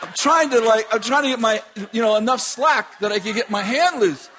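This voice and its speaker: A man's voice: very high voice, brisk, sharp tone, faint music behind. A man who runs a business telling a long funny story in a casual way, laughing often as he talks.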